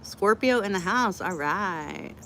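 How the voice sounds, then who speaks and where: A woman's voice: medium pitch, lively intonation, takes it slowly, a bit bright, a little hiss or hum. Chatty, blunt woman on a live stream. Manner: chatty, blunt and joking, reacting to comments. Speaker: livestream host answering chat. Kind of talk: casual live Q&A chat.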